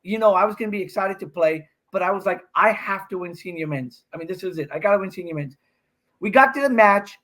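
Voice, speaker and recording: A man in his fifties, a podcast guest, telling an animated story and acting out what he said in a raised voice. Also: sits high. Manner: excited, acts out his own quotes with raised voice. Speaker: guest, professional pickleball player.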